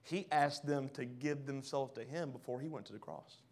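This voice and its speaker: A man preaching a sermon, reading scripture aloud and questioning the congregation, swinging from hushed lines to loud ones. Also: mid-range voice, moderate pace. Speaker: pastor.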